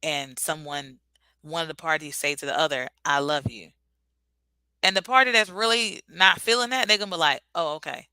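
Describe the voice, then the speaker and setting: A woman's voice: on the low side, a little fast, pushed and bright, smooth, no echo. A woman vlogger giving a casual, earnest and reflective motivational talk.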